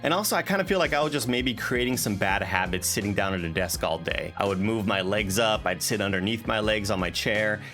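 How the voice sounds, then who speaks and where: A man's voice: fairly low pitch, fairly bright tone. A man reading a sponsor ad on a podcast in a jokey, offhand way. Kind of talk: casual sponsor read and chat.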